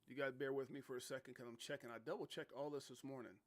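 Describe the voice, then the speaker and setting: A man hosting a casual livestream, talking straight to his chat in a lively way with some mild swearing. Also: medium pitch, fast talker. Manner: animated, talks straight to chat, swears mildly. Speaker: livestream host. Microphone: desktop microphone.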